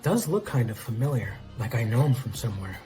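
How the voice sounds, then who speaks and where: A man's voice: medium pitch, sing-song, fairly quick, mellow, faint music behind, natural voice. A man playing a dry, laid-back agent.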